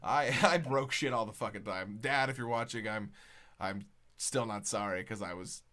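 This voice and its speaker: A man's voice: lowish voice, normal speed, sharp tone. A young man hosting a casual podcast, telling rambling, sweary stories with lots of animation. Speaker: podcast host.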